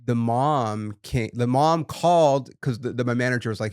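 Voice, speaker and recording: A young man hosting a podcast, telling profane, animated stories in casual chat. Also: medium pitch, normal speed, clean tone, dry recording, studio quality. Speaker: podcast host.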